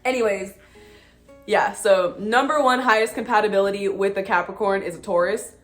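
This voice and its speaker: A young woman vlogging to camera in a casual, excitable way, full of slang, swearing and "like". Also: medium pitch, normal speed. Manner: excitable, slangy and profane, with frequent "like" fillers. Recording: faint music behind.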